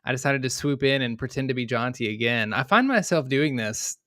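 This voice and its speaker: A man's voice: mid-range voice, animated, fairly quick, fairly bright tone, no echo, clean studio sound. A man guesting on a casual online show, self-deprecating and chatty. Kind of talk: casual chat on video call.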